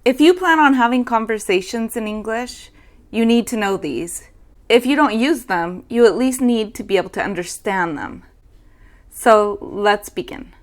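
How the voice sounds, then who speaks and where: A young woman hosting an English lesson, saying everyday phrases slowly and carefully for learners. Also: a little high, expressive. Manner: slow, careful demonstration of phrases. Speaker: English teacher. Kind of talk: language lesson.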